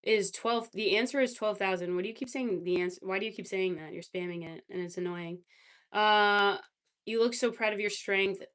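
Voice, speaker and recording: A woman's voice: mid-range voice, normal speed, fairly bright tone. A woman livestreamer in casual chat, reacting to chat messages with lots of fillers.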